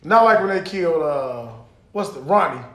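A man with a high voice chatting casually on a podcast, full of laughter and swearing. His voice bounces around an echoey room. He tells stories by acting out what people said. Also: normal speed. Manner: laughing, profane, animated storytelling. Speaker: podcast co-host. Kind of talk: casual chat.

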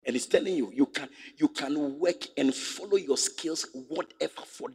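A man's voice: fairly high pitch, normal speed, breathy edge. A male pastor preaching a sermon, emphatic and fond of repeating rhetorical questions to his congregation. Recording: echoey hall with long reverb.

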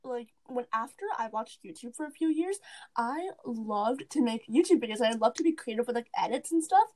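A woman's voice: on the high side, animated, fairly quick, dark tone. A teenage girl co-hosting a podcast, chatting casually, rambling and giggling with lots of "like". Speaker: podcast co-host. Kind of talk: casual chat.

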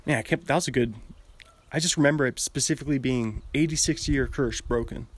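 A man's voice: medium pitch, fairly quick, no echo. A young man host chatting alone in a meandering way, laughing often and interrupting himself while pacing in an outdoor gazebo. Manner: giggly, meandering, self-interrupting. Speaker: podcast host. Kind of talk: rambling solo chat. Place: outdoor gazebo, light drizzle. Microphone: walking while talking.

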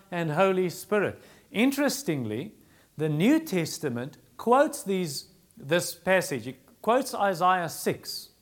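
Male preacher; emphatic sermon delivery, voice a touch high. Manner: emphatic, repeats phrases for stress.

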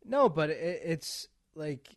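A man's voice: a little high, lively intonation, slow pace. A man hosting a podcast, chatting casually and enthusiastically with his guest and laughing often. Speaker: podcast host. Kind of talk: casual interview chat.

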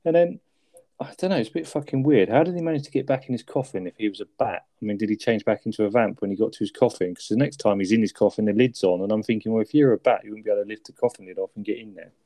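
A man's voice: fairly low pitch, racing, warm tone, no room sound. A man chatting casually about a film on a podcast, laughing often and asking his co-host to agree.

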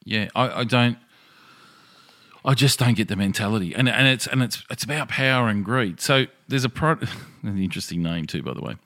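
A man's voice: fairly low pitch, lively intonation, moderate pace, fairly bright tone. A man hosting a podcast in casual chat, reading news items aloud and commenting. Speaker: podcast host.

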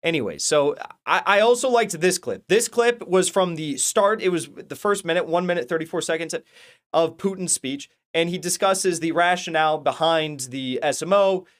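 Brief: male channel host, somewhat high-pitched, rambling and heated, profane, casual rant. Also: moderate pace. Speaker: political commentary channel host. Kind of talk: casual ranting commentary.

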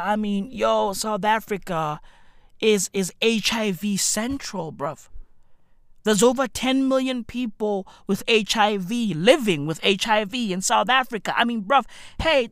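A comedic host ranting profanely, with slang and repeated "bruv", swinging between shouting and muttering. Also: mid-range voice, no echo, studio quality. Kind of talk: comedic rant.

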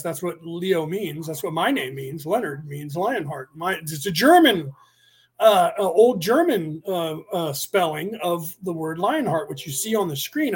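A man's voice: high-pitched, fairly bright tone. A man hosting a livestreamed class, explaining in a rambling way, repeating himself and spelling out words letter by letter. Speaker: podcast host teaching a class. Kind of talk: casual livestream lecture.

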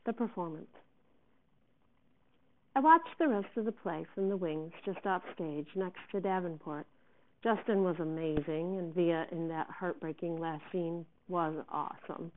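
A woman teacher reading a novel aloud in an expressive first-person voice. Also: lowish voice, measured pace. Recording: tinny phone-like sound.

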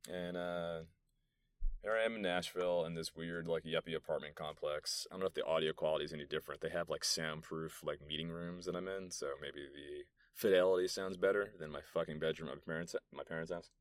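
His voice sits low with a clean tone and fairly even intonation, and he talks briskly. He's a young man from New York doing a casual solo podcast in a soundproof meeting room, rambling profanely through loose stories full of fillers.

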